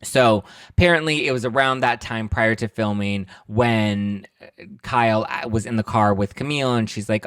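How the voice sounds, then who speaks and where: A man's voice: fairly low pitch, a little fast, a bit bright, smooth, no room sound, studio quality. A young man hosting a podcast, chatting casually about reality TV gossip and acting out the quotes in campy mimicking voices. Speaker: podcast host recapping a book.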